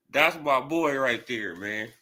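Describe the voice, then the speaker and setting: Speaking extremely slowly in a mid-range voice, a boxing commentator rants casually on a livestream. He's animated, laughing a lot and repeating the same fillers.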